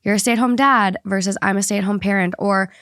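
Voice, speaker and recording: Woman, young adult, podcast host, chatty, reads stories aloud, mid pitch. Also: fairly even intonation, a little fast, fairly bright tone, no room sound, studio quality. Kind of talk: casual podcast chat and story reading.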